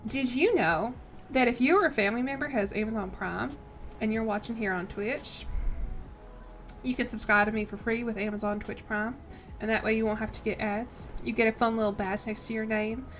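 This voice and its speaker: A young woman with a slightly high voice chats through a strategy game on stream, thinking aloud and poking fun at herself. Faint game music plays softly behind her. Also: moderate pace. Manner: chatty, self-deprecating, thinks aloud. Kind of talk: casual gameplay commentary.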